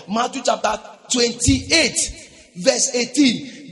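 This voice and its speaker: A man preaching a sermon in a church, shouting and calling out to the congregation for responses. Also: very high voice, very animated, measured pace. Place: church hall. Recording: long church reverb, faint music.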